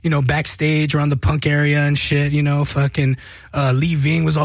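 A man's voice: fairly high pitch, quick pace, creaky, dry recording. A man who is a guest musician, telling stories in casual chat, swearing freely and acting out what others said. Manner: animated storytelling, profane, acts out quotes.

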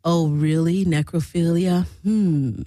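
A woman puts on a creepy, balding middle-aged man, nosy and eager, who drops his voice low and leers slowly through his questions. The sound is close and dry, with no room around it. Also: fairly even intonation, mellow, dry recording. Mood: leering.

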